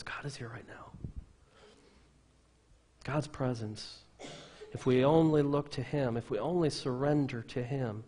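A man pastor preaching a sermon from the pulpit of a church, emphatic, with loud stresses that drop into quiet asides. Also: medium pitch.

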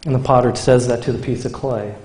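A man's voice: medium pitch, steady tone, quick pace. A man preaching a sermon, swinging between emphatic declarations and casual asides to his listeners. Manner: emphatic, rising to forceful declarations, then conversational asides to the congregation. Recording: echoey room.

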